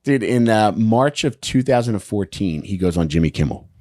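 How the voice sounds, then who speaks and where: Deep-voiced laid-back guy telling a story. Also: lively intonation, moderate pace, mellow, dry recording. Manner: laid-back, swearing, says "dude" a lot. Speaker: podcast host telling the story. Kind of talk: casual storytelling chat.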